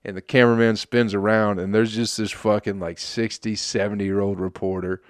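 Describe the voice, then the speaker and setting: A man's voice: on the low side, flat delivery, normal speed, clean tone, no echo, clean studio sound. A male comedian from Michigan hosting his podcast in a casual, sarcastic monologue, swearing often and laughing at his own jokes. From Flint, Michigan.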